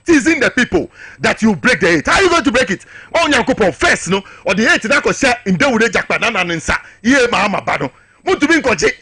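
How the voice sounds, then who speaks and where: A man's voice: extremely high pitch, pushed and bright, breathy edge, dry recording, clean studio sound. A man with a Ghanaian accent, a political guest on a talk show, arguing with passion and hammering rhetorical questions.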